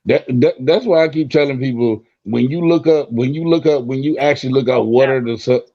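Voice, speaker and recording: A man from Florida chats casually in a mid-range voice, talking a little fast. He's talkative and emphatic and keeps repeating his point. The recording is dry, with a dull lo-fi sound.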